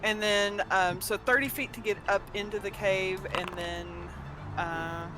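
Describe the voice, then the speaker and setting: A man playing in a tabletop game, planning his moves out loud in a hesitant way with many fillers. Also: high voice, steady tone, measured pace, rough recording. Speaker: player. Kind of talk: casual game chat.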